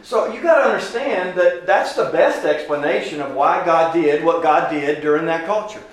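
A man's voice: fairly high pitch, normal speed. A man teaching an informal Bible class, talking casually and putting questions to his listeners. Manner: conversational, asks the class questions. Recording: very echoey room from a distance.

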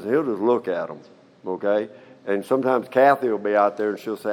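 A man's voice: lowish voice, a little fast, a little mellow. A middle-aged man teaching the Bible in a folksy, conversational way, often checking in with "okay?". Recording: long hall reverb.

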